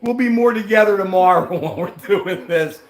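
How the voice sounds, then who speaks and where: A man's voice: normal speed, reverberant. An American man hosting a casual livestream, rambling and laughing as he talks. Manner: animated, rambling, laughing, mimics friends in high voices. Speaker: livestream host.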